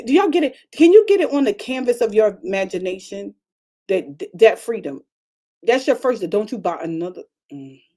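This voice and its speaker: A woman pastor preaching a conversational broadcast sermon, chatty and animated, repeating phrases and calling out to her congregation. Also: mid-range voice. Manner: chatty, repetitive, calls out to the congregation; animated preaching with frequent restarts.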